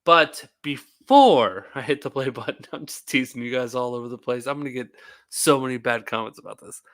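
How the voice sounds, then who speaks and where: A worn-out man rambles on his live stream, chatty and quick to laugh. His pitch sits in an ordinary middle range. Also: expressive, a bit bright. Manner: rambling, tired and talkative, laughs often. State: tired. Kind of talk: casual live-stream chat.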